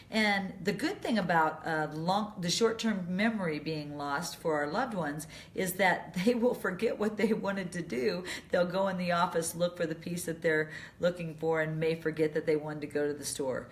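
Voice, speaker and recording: A middle-aged woman hosting a live video chat, calmly answering viewer questions about caregiving. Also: lowish voice, moderate pace, few pauses. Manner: calm, advisory, acts out short example lines. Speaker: radio host and dementia caregiving advisor.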